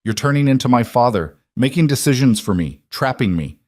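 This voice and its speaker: A man's voice: medium pitch, expressive, brisk, darkish tone, dry recording, clean studio sound, pitched above the performer's own voice, lightly acted. A man voicing a proud, guarded young woman in a romance audiobook, lifting his voice for her. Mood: angry.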